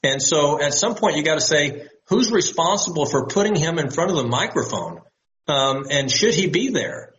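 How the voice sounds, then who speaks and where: A male doctor speaking as a guest in an interview, in a steady, measured way. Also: fairly high pitch. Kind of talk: interview talk. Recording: dull lo-fi line with faint hiss.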